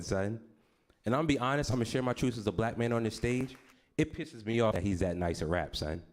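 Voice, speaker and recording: A man in a stand-up set on a comedy stage, with a slightly low voice. He is brash and profane and keeps checking whether he has gone too far. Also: a little mellow. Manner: brash, profane, crowd-teasing. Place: comedy stage before a live audience.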